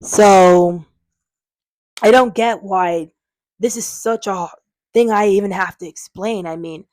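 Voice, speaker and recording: A woman's voice: medium pitch, slow, a little mellow. Frustrated woman ranting to her viewers. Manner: defensive, frustrated, rambling with many fillers. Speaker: channel owner. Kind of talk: unscripted vlog monologue.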